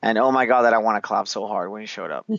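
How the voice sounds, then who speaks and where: A man with a fairly low, creaky, slightly bright voice talks fast, cursing freely and laughing as he casually recaps a film scene by scene. The audio is dull, with no room sound.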